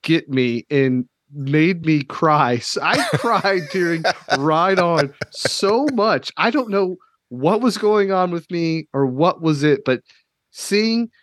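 Kentucky guy hosting a podcast, kinda high voice, gets worked up and emotional, swears here and there. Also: slow pace, dry recording, studio quality. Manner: animated, emotional, swears casually. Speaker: podcast host. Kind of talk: casual podcast chat.

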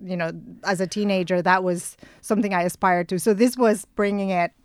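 Spanish-accented woman with a smooth voice. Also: mid-range voice, fairly even intonation, a little fast, no echo. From Spain. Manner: warm reminiscing, searches for words and restarts. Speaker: podcast co-host. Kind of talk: casual conversational chat.

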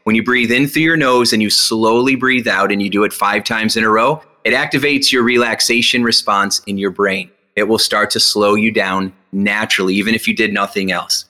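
Here a hypnotist and speaker, interviewed as a guest, recounts stories energetically, acting out others' dialogue with big pitch swings. His manner shifts to slow, guided instruction as he teaches a breathing exercise.

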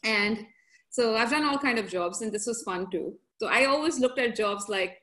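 A woman who grew up in several countries, a podcast guest telling stories in a casual, lively way, laughing often and slipping into other people's voices. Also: fairly high pitch, normal speed. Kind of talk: casual conversational storytelling.

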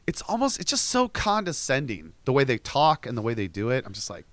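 A man co-hosting a podcast in casual chat, animated and swearing freely as he mimics people in his stories. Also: mid-range voice, brisk, no echo. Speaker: podcast co-host.

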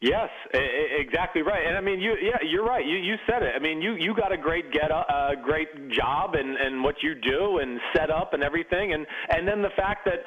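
Animated male storyteller, dull lo-fi sound. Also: on the high side, fairly quick, hardly any pauses. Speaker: guest, former pro football player. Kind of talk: storytelling in casual chat.

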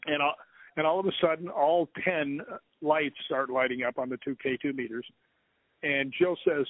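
A man's voice: a little high, moderate pace, no room sound. Man telling a ghost story over a tinny line. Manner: rambling, animated retelling with quoted dialogue. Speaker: guest, ghost hunter. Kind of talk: casual storytelling interview. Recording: tinny phone line, dry.

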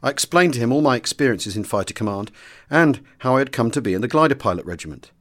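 A man narrating a wartime memoir as an audiobook reader, in a measured, formal storytelling manner. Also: mid-range voice, lively intonation, fairly bright tone.

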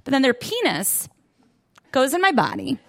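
A woman's voice: high-pitched, wildly swooping pitch, normal speed, a faint crowd. A young woman doing a stand-up set in a club, self-deprecating and giggly, laughing through her lines. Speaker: stand-up comedian. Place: comedy club in Brooklyn. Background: audience laughter.

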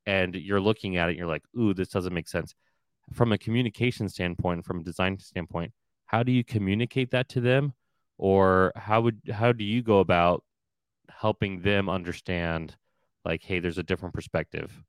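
Male podcast host, deep voice, dry close sound, rambles and restarts a lot. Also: fairly even intonation, normal speed, smooth, dry recording. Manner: rambling, thinks aloud with many restarts. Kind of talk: casual interview chat.

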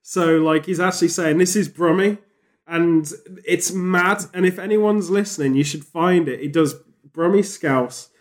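A man, talking casually on a podcast. His voice sits a little high for a man, and he rambles eagerly, often restarting his sentences. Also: a little slow. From England. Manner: rambling, animated, many restarts. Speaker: podcast host.

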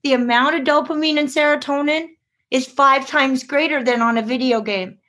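Casting: a high-voiced woman author, animated storyteller who voices the people in her anecdotes. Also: normal speed. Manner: lively storyteller acting out quoted voices. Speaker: children's book author. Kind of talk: interview guest telling her story.

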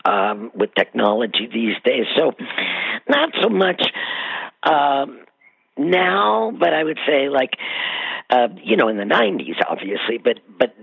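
A woman guest telling rambling, animated anecdotes in a casual interview, with lots of fillers. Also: very deep voice, measured pace, vocal fry, breathy edge, no room sound, narrow, tinny audio.

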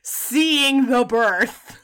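A woman casually recapping a film, animated, laughing often and acting out the characters. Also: a little high, drawn-out words, smooth. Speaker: podcast co-host recapping a film. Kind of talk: casual chat.

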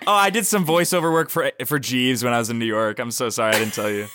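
Bright-voiced joking male podcast co-host. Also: medium pitch, fast talker, slight background noise. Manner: deadpan joking, playful exaggeration. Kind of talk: casual comedic banter.

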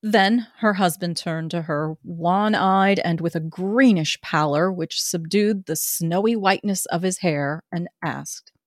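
A woman podcast co-host narrating a novel aloud in a steady, earnest way. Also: lowish voice, measured pace, few pauses, no echo, clean studio sound.

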